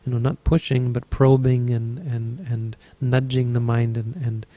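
A man's voice: mid-range voice, fairly even intonation, unhurried, mellow, no room sound. A man teaching as a Buddhist meditation teacher, telling a story in a dharma talk with an easygoing, rambling manner and frequent self-corrections.

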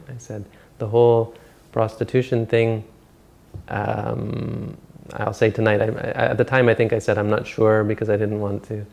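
A man giving an informal Buddhist dharma talk as a monk teacher, rambling and halting with many restarts and self-corrections. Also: on the low side, flat delivery, creaky, darkish tone.

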